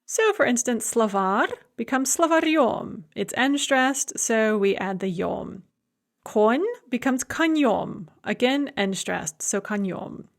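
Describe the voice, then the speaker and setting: A woman's voice: fairly high pitch, animated, slow. A woman teaching a recorded grammar lecture, explaining rules and then reading examples word by word. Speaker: language teacher.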